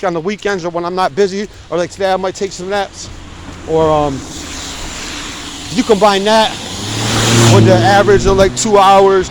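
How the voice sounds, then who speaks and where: A high-voiced man in his forties rants bluntly while walking down a cold city street, swearing freely. He holds his phone as he talks, and faint traffic hums behind him on the outdoor recording. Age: 40s. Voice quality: frequent swearing, blunt and emphatic. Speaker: vlogger. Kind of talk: casual walking vlog rant. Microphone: phone camera held while walking.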